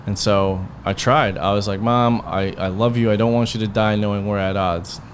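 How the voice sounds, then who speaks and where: A man's voice: on the low side, fairly even intonation, moderate pace, a little hiss or hum. A man hosting a podcast, telling a heated personal story in a rambling, profane way, full of quoted back-and-forth. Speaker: podcast host. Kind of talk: casual storytelling.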